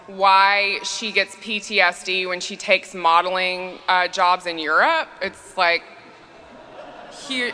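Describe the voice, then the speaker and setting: A woman priest tells funny stories in a chatty way, full of ums. Her tone is bright and edged. A long church reverb trails behind her voice. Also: mid-range voice. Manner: chatty comic storytelling, frequent fillers. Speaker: priest and speaker. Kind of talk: humorous conference talk.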